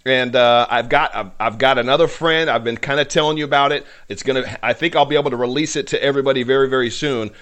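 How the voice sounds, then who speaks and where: A man's voice: mid-range voice, quick pace, few pauses, fairly bright tone. A man hosting a podcast, giving emotional faith-based commentary in a fervent, preacherly way, at times choked up. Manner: fervent, preacherly, voice rising with passion. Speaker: podcast host.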